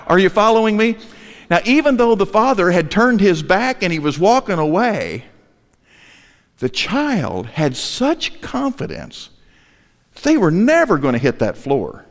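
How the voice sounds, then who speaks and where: This older pastor's sermon mixes storytelling, self-deprecating jokes and rhetorical questions aimed at the congregation. He sounds high and very animated at a moderate pace, and his words ring with a long reverb in the large church hall.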